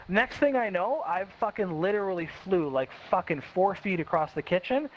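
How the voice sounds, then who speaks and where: A young man telling a personal story in a blunt, casual way, swearing heavily and acting out quotes. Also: sits high. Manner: blunt, heavy swearing, quick quoted voices, restarts. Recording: dull lo-fi with faint hiss.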